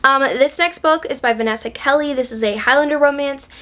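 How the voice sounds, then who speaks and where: A woman's voice: sits high, a little fast, a bit bright. A woman book vlogger in a casual chat, gushing and chatty, with lots of ums and likes.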